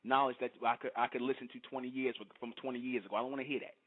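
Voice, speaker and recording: A man's voice: medium pitch, level tone, rapid-fire. A man hosts a call-in broadcast in a blunt, emphatic way, hammering his points with repeated phrases. His voice sits in the middle range. The audio is tinny and narrow, like a phone line. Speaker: call-in show host.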